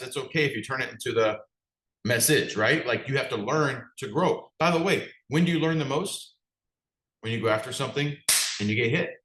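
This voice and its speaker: A man's voice: mid-range voice, fairly bright tone, reverberant, low-quality recording. A man, a business coach, giving a direct, conversational motivational talk and putting questions to his audience. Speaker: business coach for martial arts school owners.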